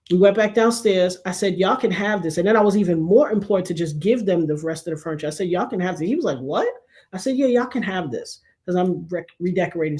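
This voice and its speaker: A woman's voice: on the low side, warm tone. A woman in casual talk-show chat, telling stories animatedly and acting out the quoted dialogue.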